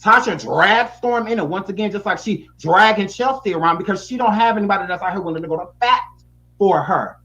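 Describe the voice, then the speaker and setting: Sassy high-voiced male commentator. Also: fairly quick, bright, forceful tone, highs cut off. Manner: sassy, blunt, profane. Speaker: YouTube commentator. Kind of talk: reaction commentary.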